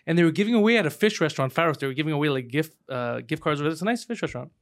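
A man's voice: fairly high pitch, rapid-fire. A man hosting a podcast, telling a story casually with lots of swearing and laughter. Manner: profane, laughing, animated storyteller. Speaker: podcast host.

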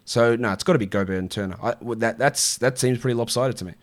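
A man's voice: mid-range voice, quick pace. A man hosting a casual live-stream show, answering viewer questions in a chatty, offhand way. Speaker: fantasy basketball show host.

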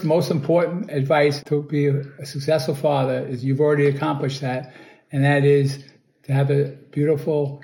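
A man's voice: fairly high pitch, mellow. An older man recording a blunt, joking message of fatherly advice. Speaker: father of the host.

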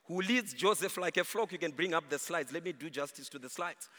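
A man's voice: a little high, fairly quick. A man preaching a sermon in a church, rising and falling, at times half-singing his emphasis. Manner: animated, rises and falls, half-sung emphasis. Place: church hall. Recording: long reverb of a large hall.

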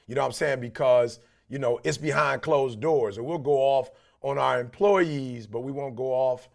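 A man's voice: medium pitch, normal speed, gravelly, a little mellow. A middle-aged man from Detroit, a podcast co-host talking in a passionate, preachy way. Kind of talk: casual podcast chat.

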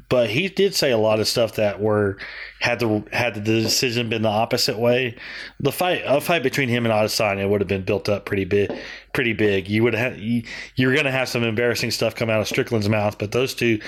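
A man co-hosting a casual sports podcast, often halting and repeating words as he cuts in. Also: fairly low pitch. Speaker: podcast co-host.

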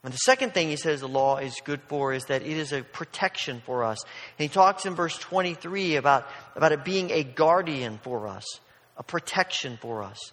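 Man, pastor, sermon, high-pitched voice, earnest and emphatic, repeats words, long hall echo. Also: animated, normal speed, a bit bright.

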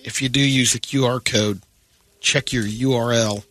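A man reading news items on a morning radio show, steady with dry asides. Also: medium pitch, normal speed, dry recording. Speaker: radio news segment host.

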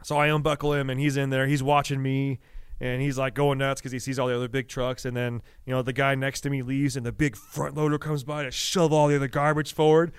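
A young man chats on a podcast in a smooth, resonant voice recorded dry and close. He tells stories with energy and jumps into a high, excited voice when he quotes his small son. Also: fairly quick, no room sound. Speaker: podcast co-host. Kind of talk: casual chat, storytelling.

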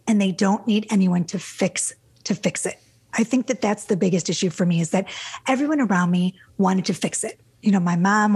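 A woman coach talking on a podcast with a very husky, raspy voice. She is animated and emotional in casual chat, and she swears freely. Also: mid-range voice, brisk. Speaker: divorce and dating coach, podcast host.

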